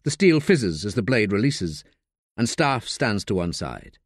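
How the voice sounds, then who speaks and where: A man narrating a crime novel in expressive storyteller fashion, his pitch swinging widely. He is recorded dry and close on a studio mic. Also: unhurried, no room sound. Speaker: audiobook narrator. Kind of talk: scripted narration.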